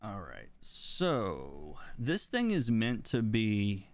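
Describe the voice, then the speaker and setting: Smooth, dry-voiced man teaching live. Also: fairly low pitch, very slow, no room sound. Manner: relaxed, explanatory, laughs between points. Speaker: comic book colorist and teacher. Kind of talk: live-stream art lesson, reading chat.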